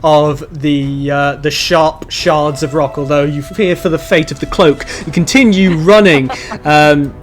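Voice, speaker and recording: High-voiced male game master. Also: unhurried, soft background music. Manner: lively, dramatic scene narration. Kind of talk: narrating a tabletop game.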